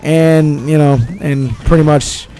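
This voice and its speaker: High, dark-toned young man ranting. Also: steady tone, takes it slowly, faint music behind. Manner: rambling and profane, repeating himself, slangy with "bro" and "man". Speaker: vlogger. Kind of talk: casual storytelling.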